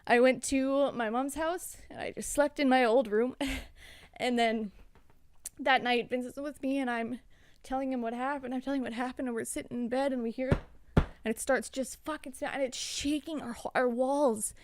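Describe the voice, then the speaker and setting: A woman's voice: high voice, fairly even intonation, moderate pace, slight background noise. A young adult woman, a podcast guest, telling a story in a rambling, profane way with lots of "like" fillers. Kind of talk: casual storytelling.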